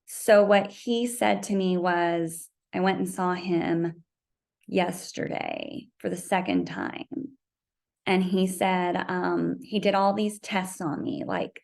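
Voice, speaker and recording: A woman's voice: slow pace, gravelly, darkish tone. A woman vlogging casually about her running, chatty and storytelling, acting out conversations. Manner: chatty storytelling, acts out conversations with raised pitch. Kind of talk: casual vlog chat.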